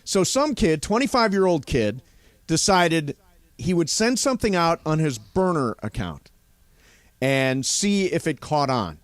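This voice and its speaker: A man's voice: on the high side, very animated, measured pace, dry recording. A man hosting a sports talk radio show, chatting casually and joking with his co-hosts.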